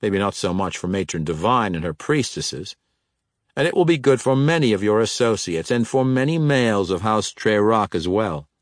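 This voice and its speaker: A man doing Jarlaxle, a sly dark elf rogue. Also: fairly low pitch, expressive, moderate pace, no room sound, studio quality, lightly acted. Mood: persuasive. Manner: persuasive and wry. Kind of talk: audiobook narration.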